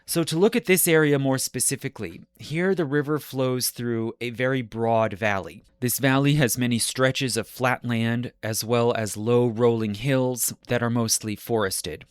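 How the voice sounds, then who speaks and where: A man hosting a history podcast, explaining the geography in a measured lecture style and correcting himself as he goes. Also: mid-range voice, clear, resonant tone, dry recording, clean studio sound.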